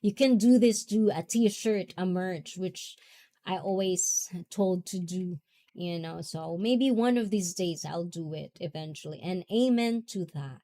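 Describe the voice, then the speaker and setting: Woman, English, livestream host; slow, chatty, laughs a lot. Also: fairly low pitch, warm tone. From half Japanese, half Filipina. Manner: giggly, chatty, often laughing. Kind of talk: casual livestream chat reading comments.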